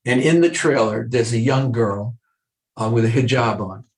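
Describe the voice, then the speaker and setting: A man's voice: medium pitch, normal speed, roomy sound, rough recording. An older man, a clinical psychologist, talking earnestly in a podcast interview and acting out short exchanges with patients. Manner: earnest, acts out dialogue from patients.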